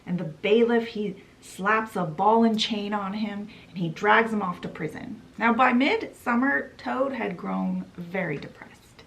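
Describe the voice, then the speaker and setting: A woman's voice: medium pitch, measured pace, vocal fry, few pauses, fairly bright tone, rough recording. A woman hosting a book channel, summarizing a classic story in a chatty, playful way with dramatic asides.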